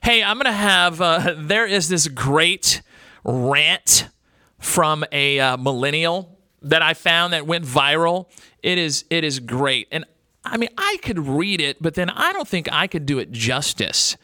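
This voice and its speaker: A man's voice: fairly high pitch, expressive, a little slow, sharp tone, dry recording, studio quality. A man hosting a radio talk show, rambling and blunt, with crude words and many fillers.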